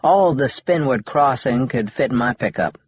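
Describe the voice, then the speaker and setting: A man voicing a wry, easygoing young man in an audiobook, in a husky, laid-back joking manner. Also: medium pitch, animated, normal speed, slight background noise, voice pushed up, close to an everyday voice. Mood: relaxed, wry. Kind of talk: audiobook dialogue.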